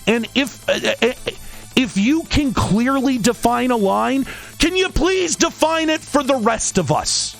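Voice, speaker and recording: A man's voice: very high voice, expressive, a little slow, vocal fry, a bit bright, soft background music. A man hosting a stream, ranting in an exasperated, profane, sarcastic way. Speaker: streamer and podcast host. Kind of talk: angry rant.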